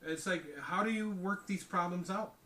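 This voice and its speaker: A man's voice: high-pitched, normal speed, sharp tone, echoey room, distant mic. A man co-hosting a casual discussion, talking emphatically and tagging his points with "okay?" and "you know?". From outside the United States. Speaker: podcast co-host.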